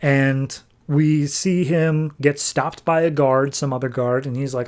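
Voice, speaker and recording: Chatty male podcast host, slightly high. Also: fairly even intonation, moderate pace, hardly any pauses, darkish tone. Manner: wry, chatty storytelling. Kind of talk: casual comic recap.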